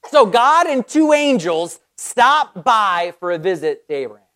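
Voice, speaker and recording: An excited Bible teacher leads a casual study, with a voice that rises and falls a lot. The talk is loose and conversational, full of quick restarts and asides to the listener. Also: mid-range voice. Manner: enthusiastic, conversational, with frequent restarts.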